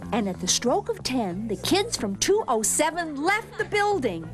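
A woman reading a children's storybook aloud, expressive and deliberate. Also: sits high, soft background music.

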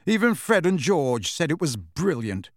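A man's voice: fairly high pitch, sing-song, unhurried, no echo. A man voicing a firm, encouraging teenage boy in an audiobook, close to his own voice. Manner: firm and bracing.

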